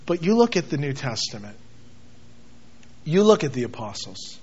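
A man preaching a sermon as a pastor, swinging from loud, emphatic outbursts to quiet, intense passages. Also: medium pitch, big pitch swings, moderate pace, husky. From United States. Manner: dramatic, shifts between shouting and quiet intensity. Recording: dull lo-fi sound.

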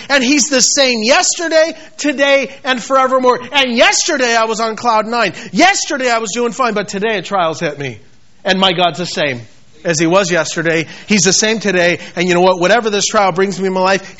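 A male preacher delivers a fervent sermon in a strikingly high voice. He repeats words for emphasis and slips into acted voices for scripture. The recording sounds dull and lo-fi. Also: fairly quick, sharp tone. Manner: passionate, repetitive, quotes scripture in acted voices.

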